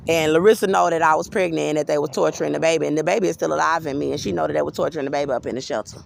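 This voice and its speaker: A woman's voice: low-pitched, steady tone, very fast, gravelly. A woman giving an agitated, rambling personal monologue to camera, swearing freely. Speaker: vlogger.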